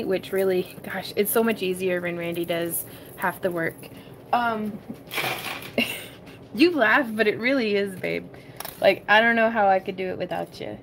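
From her home craft room, a woman with a mid-range voice hosts a casual crafting tutorial livestream, with slight background noise. She chats with viewers, giggles a lot, and addresses them as y'all.

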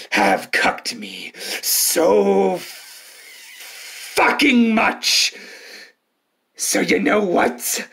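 A performer voicing a scheming, vengeful toy engine in a fan dub, whispering menace and then yelling. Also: mid-range voice, gravelly, slightly rough, exaggerated voice. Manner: sneering, hissing whispers into sudden yelling.

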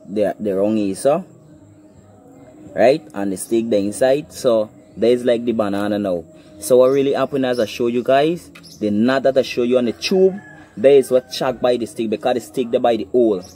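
Guyanese man, hunting vlogger, mid pitch, phone mic outdoors, faint background noise, chatty step-by-step explainer. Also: mellow. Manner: explains step by step, often asks "you understand me?". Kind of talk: casual outdoor demonstration. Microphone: phone camera.

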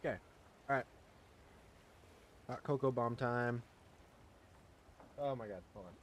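A young man livestreaming a game, chatting casually with his viewers, excitable and swearing freely. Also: medium pitch, unhurried, slight background noise. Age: young adult. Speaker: gaming livestreamer. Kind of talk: casual live-stream chat.

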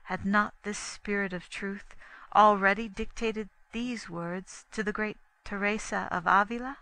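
A woman narrating an audiobook in a measured, even reading. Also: medium pitch, dry recording, low-quality recording. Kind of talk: scripted narration.

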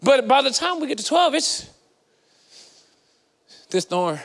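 A man with a strikingly high, bright voice delivers a sermon, chatty and playful, dropping slangy asides. His voice carries a gravelly edge and rings out with the long reverb of a big church hall. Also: expressive, brisk. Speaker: preacher. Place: church sanctuary.

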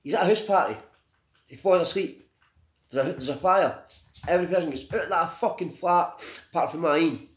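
A man's voice: a little high, brisk, long pauses. A Scottish man in his thirties telling a painful personal story, raw and grieving, swearing often and tagging "right?" onto nearly every sentence. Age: 30s. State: grieving and agitated. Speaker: vlogger. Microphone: phone. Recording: echoey room, dull lo-fi phone audio.

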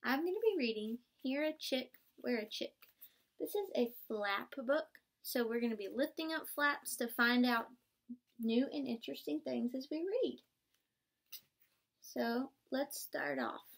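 High-voiced young student teacher, slow and encouraging picture-book read-aloud for small kids. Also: female voice, very animated, creaky. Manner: interactive and encouraging, asks children to join in; gasps and plays up surprises.

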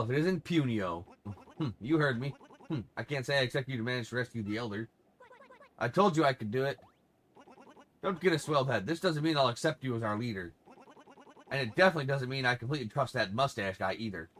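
A man's voice: mid-range voice, animated, quick pace, a bit bright, close to an everyday voice. A man reading the lines of a rude, stubborn young male creature in a video game, in a grudging, surly tone.

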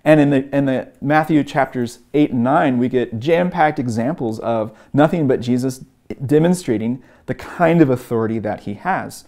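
A man of middle pitch explains and retells stories for a teaching course. He speaks earnestly and often pauses with um and uh. His voice lifts when he acts out the quoted lines. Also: a little mellow. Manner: earnest, frequent um and uh fillers. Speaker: evangelism course instructor. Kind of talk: teaching talk with retold stories.

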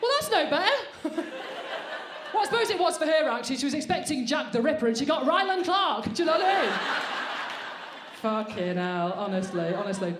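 A woman's voice: sits high, sing-song, fairly quick, noisy background. A woman doing a brash, sweary, self-mocking stand-up set on a comedy club stage. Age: 40s. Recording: roomy live venue sound.

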